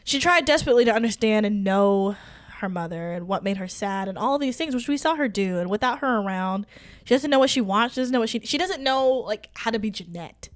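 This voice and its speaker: A woman co-hosting a casual book-club podcast, recapping chapters in an animated, storytelling way. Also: on the high side, fairly quick. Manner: animated, storytelling recap with laughter and acted quotes. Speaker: podcast co-host.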